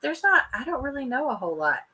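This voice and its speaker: A woman hosting a live stream, chatting casually and warmly with a guest, laughing often and calling people honey. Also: high-pitched, sing-song, fast, slight background noise, poor audio. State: injured knee. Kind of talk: casual chat.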